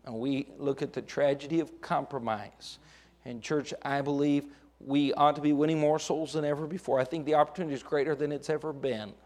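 A man's voice: fairly high pitch, fairly even intonation, fairly quick, a little mellow. A middle-aged man preaching a sermon as pastor, with dramatic rises and acted-out quotes.

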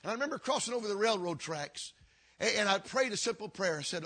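An older man, a pastor, telling a story in a sermon with earnest, repeating phrases that sink low and quiet. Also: animated, fast talker, breathy edge. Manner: earnest, repetitive preaching cadence that drops low and quiet.

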